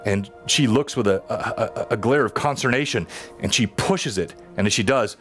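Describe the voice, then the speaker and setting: A man's voice: on the low side, moderate pace, soft background music. A man narrating as game master of a tabletop role-playing game, descriptive, with frequent fillers.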